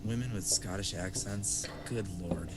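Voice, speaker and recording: Jokey low-voiced podcast guy. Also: unhurried, noisy background. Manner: jokey, self-mocking, laughs often. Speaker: podcast co-host. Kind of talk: casual chat.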